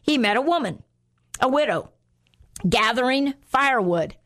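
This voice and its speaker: A woman's voice: sits high, lively intonation, normal speed, a bit bright. A woman preaching a sermon in an earnest way, often repeating phrases for emphasis.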